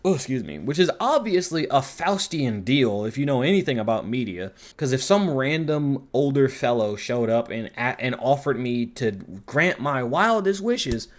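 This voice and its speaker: Male reviewer, casual and rambling, mid-pitched, swears a lot. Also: moderate pace, hardly any pauses. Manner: rambling, profane, animated. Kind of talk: casual commentary.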